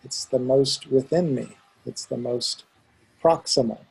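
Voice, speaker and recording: Gravelly, husky man teaching pronunciation. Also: medium pitch, measured pace, darkish tone, low-quality recording. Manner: patient, demonstrating sounds aloud. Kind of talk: one-on-one pronunciation lesson.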